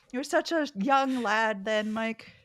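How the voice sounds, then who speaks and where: A woman's voice: fairly high pitch, dry recording, clean studio sound. A woman hosting a gaming podcast, steering the chat in an upbeat way. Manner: upbeat, leads the talk. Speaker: podcast host. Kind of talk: casual chat.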